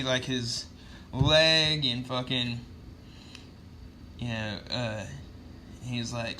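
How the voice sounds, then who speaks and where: A man's voice: mid-range voice, sharp tone, a little hiss or hum. A man casually recapping a comic book, rambling with lots of fillers and swearing.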